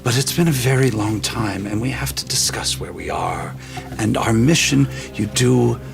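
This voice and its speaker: A man playing a gravelly, theatrical elder brother. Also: medium pitch, very animated, moderate pace, music in the background. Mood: earnest. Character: theatrical ancient brother, tender and secretive. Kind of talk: tabletop role-play character voice.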